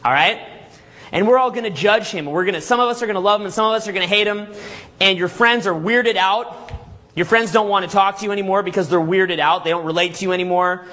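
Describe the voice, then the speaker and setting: High, bright-voiced man leading a seminar. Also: fast talker. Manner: energetic, peppers talk with rhetorical questions and "okay?"; acts out scenes with vivid storytelling. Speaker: seminar speaker. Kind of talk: live seminar lecture to an audience. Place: seminar room with live audience.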